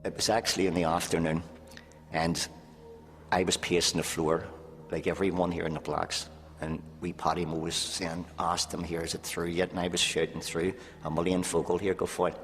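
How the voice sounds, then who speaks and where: A man's voice: deep voice, normal speed. A man in his sixties with a Northern Irish accent, recounting prison memories in a documentary interview and habitually dropping "here" into his sentences. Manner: keeps dropping "here" into sentences, flat storytelling. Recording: reverberant room with faint music.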